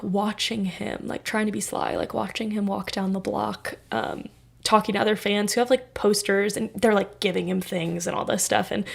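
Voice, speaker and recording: A young woman in her twenties, a podcast host telling a personal story in a casual, animated way, full of fillers and acted-out voices. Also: mid-range voice, gravelly.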